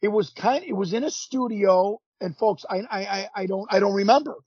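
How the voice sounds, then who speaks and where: A man in his fifties, a podcast guest, telling stories in an animated way, acting out quotes and often restarting his sentences. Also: high-pitched, fairly quick, slightly rough, no echo. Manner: animated storyteller, acts out quotes, frequent restarts. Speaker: podcast guest, former pro wrestler. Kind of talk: casual storytelling interview. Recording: dull lo-fi sound.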